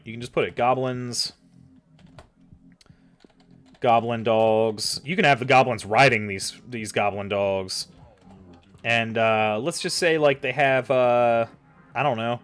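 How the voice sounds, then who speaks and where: A man's voice: mid-range voice, a little slow, pauses often. Profane, rambling man giving game-master tips. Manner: loose and profane, swearing casually; thinks aloud, lots of fillers and trailing off. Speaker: dungeon master giving advice. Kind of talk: casual tutorial while typing notes.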